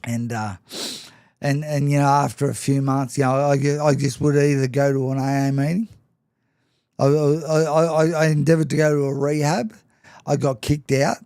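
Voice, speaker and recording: A man's voice: mid-range voice, flat delivery, moderate pace, a little mellow, clear, resonant tone, no room sound, studio quality. A man telling his own story to an interviewer, frank and self-mocking, and often laughing as he talks. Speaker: guest. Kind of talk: personal storytelling in conversation.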